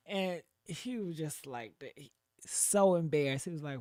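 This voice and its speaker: Animated, profane woman storyteller, dry room. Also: lowish voice, moderate pace, dry recording. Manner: animated and profane, acts out quotes, laughs often. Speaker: online show host. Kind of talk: storytime commentary to live viewers.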